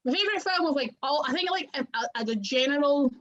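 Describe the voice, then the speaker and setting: A woman's voice: sits high, lively intonation, quick pace, fairly bright tone. A Scottish woman wrestler chatting as an interview guest, rambling and full of "like" fillers. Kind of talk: casual interview chat. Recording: muffled lo-fi audio.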